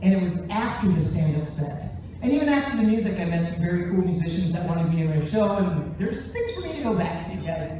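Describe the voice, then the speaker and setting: Animated male comic in an echoey theater. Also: high-pitched, fast talker, slight background noise. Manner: animated, jumps into voices. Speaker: stand-up comedian and musician. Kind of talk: stand-up storytelling. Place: large theater stage, live show. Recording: very echoey theater, distant mic.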